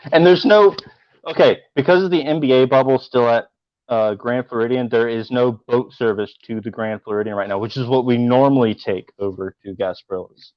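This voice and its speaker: A man co-hosting a casual livestream, relaxed and chuckling between remarks. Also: medium pitch, moderate pace, no echo. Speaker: livestream co-host. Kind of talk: casual chat. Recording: dry, muffled lo-fi stream audio.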